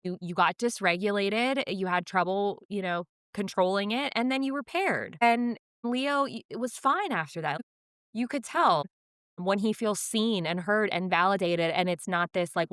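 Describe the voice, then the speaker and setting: Candid, smooth-voiced mom telling stories. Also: female voice, fairly low pitch, moderate pace, a bit bright, dry recording, clean studio sound. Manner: candid, emotional storytelling with quoted voices. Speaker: podcast co-host. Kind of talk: casual chat.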